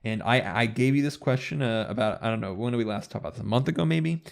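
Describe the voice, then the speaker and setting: Gravelly man rambling on a podcast. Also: mid-range voice, quick pace. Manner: rambling, restarts sentences, enthusiastic. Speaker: podcast guest. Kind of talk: casual gaming podcast chat.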